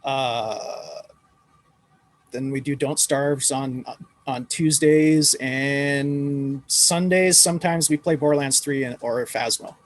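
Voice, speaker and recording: A man's voice: mid-range voice, takes it slowly, no room sound. A man from Ireland chatting casually as a podcast guest, easygoing and laughing often. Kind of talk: casual chat.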